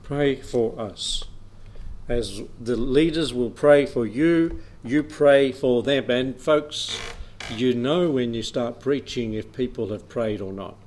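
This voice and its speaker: Man, preacher, sermon, conversational, chuckles lightly, mid-pitched voice. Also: slow pace, a little mellow, a little hiss or hum. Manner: plain conversational preaching with small chuckles, reading old-style scripture aloud. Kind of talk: sermon, Bible teaching.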